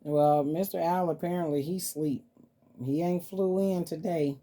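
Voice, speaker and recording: A woman's voice: low-pitched, steady tone, a little slow, mellow. A woman vlogger chatting casually and cooing to her dolls as she shows them off. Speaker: vlogger showing reborn dolls. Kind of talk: casual vlog chat.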